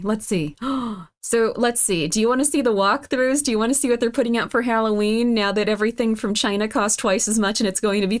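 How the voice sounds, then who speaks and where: Bubbly rambling woman streamer. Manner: rambling, reacts to chat with sudden high squeals; swings widely in pitch. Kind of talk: casual live-stream chat.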